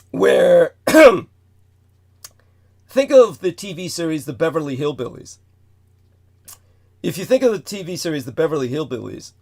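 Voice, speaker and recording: A man hosting a talk show, delivering a rambling, emphatic lecture full of asides. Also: fairly high pitch. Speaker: host.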